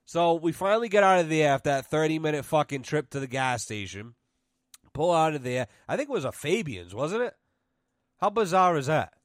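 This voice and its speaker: A man's voice: a little high, very animated, fairly quick, no room sound, studio quality. Swearing, laughing young man telling stories. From New England. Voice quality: swears constantly, laughs mid-sentence. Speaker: podcast host. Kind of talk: casual storytelling chat.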